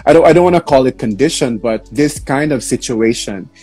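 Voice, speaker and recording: A man's voice: medium pitch, fairly quick, dark tone, husky, faint music behind. A young man hosting a live interview, chatty and sympathetic, with loose casual fillers. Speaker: interview show host.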